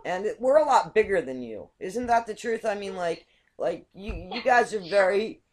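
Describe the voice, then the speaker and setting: A woman's voice: medium pitch, lively intonation, normal speed. A woman hosting a casual online talk show over a video call, chatty and hesitant, often repeating words. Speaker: host.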